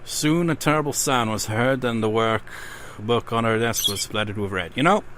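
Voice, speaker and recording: Between bouts of casual commentary, this man playing a horror game reads the ghost stories inside it aloud, then breaks into rants full of swearing and laughs. He's a let's play gamer with a medium-pitched voice and moderate pace, recorded against a noisy background.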